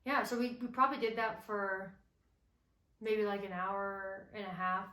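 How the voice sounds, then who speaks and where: A young woman telling a personal story to the camera in a relaxed, chatty way, with plenty of fillers. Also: mid-range voice, unhurried. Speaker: vlogger co-host. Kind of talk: casual storytelling chat. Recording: roomy echo.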